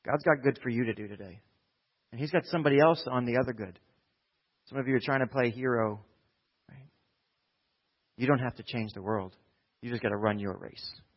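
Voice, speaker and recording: A male pastor from New Jersey giving a conversational sermon that swings from quiet asides to loud exhortation. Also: mid-range voice, brisk, pauses often, highs cut off.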